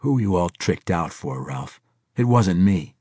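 Male narrator giving a hunted agent, flat and terse, low husky voice, dry audiobook read. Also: a little slow, dry recording, heavily acted. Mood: tense. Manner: flat and terse, rising to shouting.

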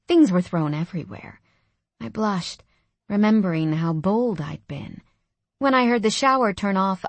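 Woman, mid pitch, first-person romance narration, dry close studio sound. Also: no echo. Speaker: audiobook narrator.

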